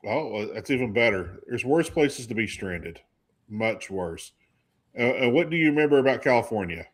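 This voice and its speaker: A man hosting a casual talk show, chatting and asking his co-host questions in a lively way. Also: medium pitch, moderate pace. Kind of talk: casual chat.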